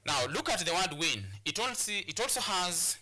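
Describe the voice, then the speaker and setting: Bright-voiced Kenyan male English teacher. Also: sits high, very animated, normal speed. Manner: repetitive explanations, frequent restarts and rhetorical questions. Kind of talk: classroom lesson on stress and syllables.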